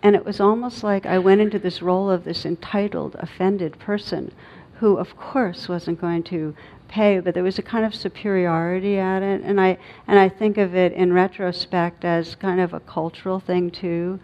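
Halting, reflective woman giving a dharma talk. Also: lowish voice, fairly even intonation. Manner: reflective, halting storytelling with many fillers. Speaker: meditation teacher. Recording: dull lo-fi recording.

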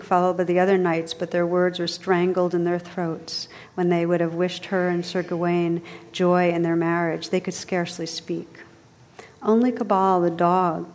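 A woman narrating a storybook tale aloud in a measured, expressive way. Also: fairly low pitch, long reverb tail.

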